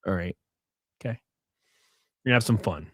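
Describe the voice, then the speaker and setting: A man's voice: deep voice, moderate pace, husky, dry recording, studio quality. A young man hosting a casual live stream, mocking and sarcastic, swearing freely and thanking viewers for gifted subs.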